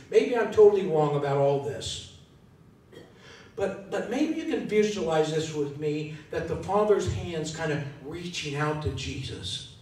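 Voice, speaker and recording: Conversational preacher in an echoey church. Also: male voice, darkish tone. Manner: conversational, thinking aloud, asks the congregation questions. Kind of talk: sermon. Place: church sanctuary. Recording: echoey hall from far off, faint rumble.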